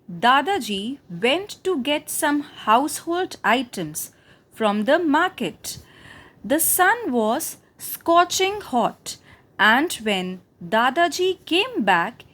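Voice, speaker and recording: High sing-song lady teacher, slow and lively, explaining a story to little kids. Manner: sing-song, asks questions then answers them. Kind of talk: reading and explaining a textbook lesson to young children.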